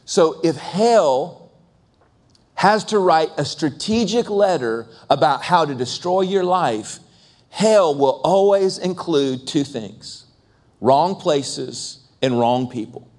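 A male pastor delivering a sermon with emphatic, repeated phrases. His voice sits fairly high and he often slows right down to press a point. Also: lively intonation, a little mellow. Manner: emphatic, repetitive lists.

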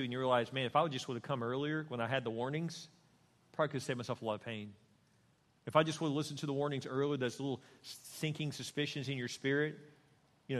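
A middle-aged man preaching as a pastor, animated and conversational, acting out little quotes. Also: a little high. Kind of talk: sermon. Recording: long hall reverb.

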